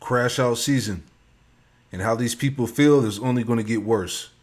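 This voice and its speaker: A man's voice: mid-range voice, normal speed, slightly rough. A man hosting a religious talk, reading scripture and commenting in a casual way. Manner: reads scripture, casual slang. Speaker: religious teacher.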